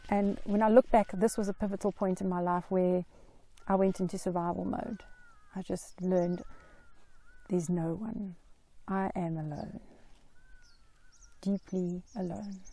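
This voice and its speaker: A middle-aged woman recounts her own story in an earnest, reflective way, taking her time. Her voice is mellow and darker in tone, with a gravelly fry at the edges. The sound is dry and close, with no room around it. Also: mid-range voice, no room sound. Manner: earnest, reflective, slow and deliberate. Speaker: Christian mental health vlogger. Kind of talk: personal story told to camera.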